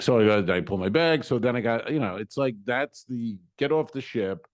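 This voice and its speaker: A man's voice: medium pitch, lively intonation, moderate pace, few pauses, highs cut off. A man co-hosting a comedy podcast, telling a travel story casually and acting out both sides of the exchanges with exasperation. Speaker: podcast co-host.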